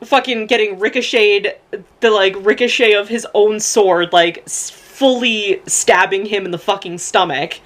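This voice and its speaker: A woman's voice: mid-range voice, a little slow, fairly bright tone. A young woman rambling emotionally in a casual book review vlog, swearing freely and close to tears. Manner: rambling, gushing, profane, many fillers. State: close to tears, laughing through crying. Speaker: book vlogger.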